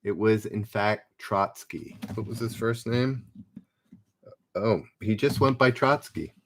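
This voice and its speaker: A man's voice: on the low side, slow pace, slight background noise. A man hosting a live-streamed pub quiz, reading questions aloud and chatting as he calls out players' names. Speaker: trivia quiz host.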